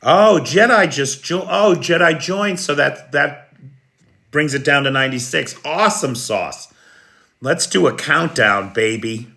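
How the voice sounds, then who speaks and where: A man's voice: a little high, animated, a little slow, pushed and bright. An American man hosting a live news stream, chatting casually and answering viewers' comments by name. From United States. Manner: chatty, talks directly to viewers by name, clears throat often. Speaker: livestream news host.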